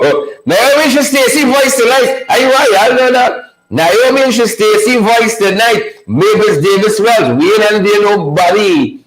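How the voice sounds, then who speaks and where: A man's voice: high voice, fairly bright tone, roomy sound, rough recording. A man with a Guyanese accent hosting a live stream, greeting viewers by name in a playful way and laughing often. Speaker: livestream host.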